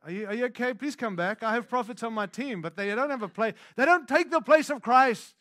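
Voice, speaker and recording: A man preaching a sermon as pastor, swinging from hushed intimate lows to loud emphatic declarations, with conversational asides to the congregation. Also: a little fast, no room sound.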